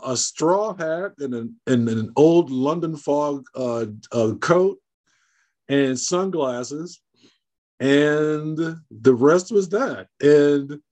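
A man from the American South, guest on an interview, telling lively stories and acting out the people in them. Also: fairly high pitch. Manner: animated storyteller, laughs often, acts out quoted dialogue. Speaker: guest, horror host. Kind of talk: casual interview storytelling.

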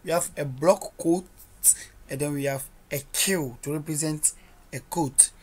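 Coding tutor, measured slow delivery, narrates each edit aloud, quizzes listeners with rhetorical questions. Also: medium pitch, slightly rough. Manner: narrates each editing step as they go. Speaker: coding instructor. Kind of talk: screen-recorded coding tutorial.

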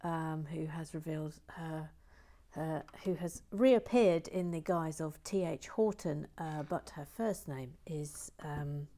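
A woman with a slightly low voice talks casually while building toys. She jokes wryly and drifts into muttered, whispered asides as she works. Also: slow pace, warm tone. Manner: playful, wry. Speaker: host. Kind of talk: casual narration of a toy build.

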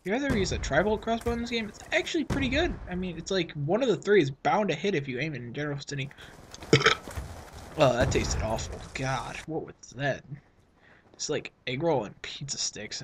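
A man's voice: a little high, a little hiss or hum. A teenage boy giving rambling, self-mocking commentary over his own gameplay, sniffling from a runny nose. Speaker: gaming channel host.

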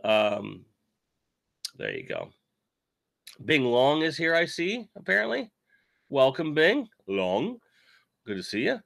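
A man's voice: medium pitch, wildly swooping pitch, slow, gravelly, long pauses, a bit bright, no room sound, studio quality. A man hosting a casual toy-collecting live stream, with a sick voice while he recovers from covid, rambling and joking as he reads chat. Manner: rambling, self-deprecating, reads chat aloud. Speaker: toy channel host.

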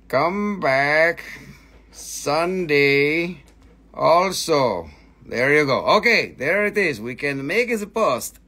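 A man hosting a live crystal sales stream in the shop, talking in a loose, excitable way and squealing with delight at each new price. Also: on the high side. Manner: excitable, squeals "whee" at prices, non-native phrasing. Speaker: livestream crystal seller.

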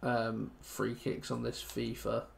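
A young man from England giving rambling, emotional commentary over a football video game, muttering low one moment and shouting the next. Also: monotone, takes it slowly, creaky. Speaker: gaming YouTuber. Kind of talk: casual gameplay commentary.

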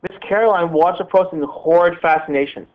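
Male teacher narrating a novel, steady and plain, slightly high, phone-line sound. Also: brisk. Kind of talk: reading a novel aloud.

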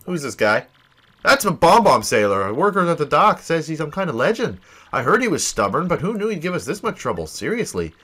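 A man's voice: a little high, sing-song, brisk, pushed and bright, breathy edge, pitched above the performer's own voice, heavily acted. A man voicing a chatty young female creature explorer with an exasperated tone.

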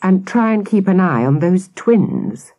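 A woman's voice: lowish voice, very animated, a little slow, mellow, no room sound, voice pushed up, exaggerated voice. A woman reading a storybook, voicing a harried adult scout helper who talks in a weary, dutiful way.

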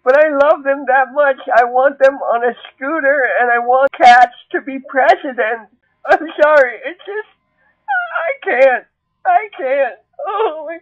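A man putting on a very high, squeaky voice for a shy teenage girl puppet who stumbles over every sentence and keeps going teary. She talks slowly, and the sound is thin and tinny like a phone line, flat and dry. She is nervous, awkward and crying over her love of cats. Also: no echo. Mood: tearful gushing. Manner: halting, full of ums, breaks into tearful gushing. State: tearful. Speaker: puppet character. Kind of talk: comedic puppet monologue.

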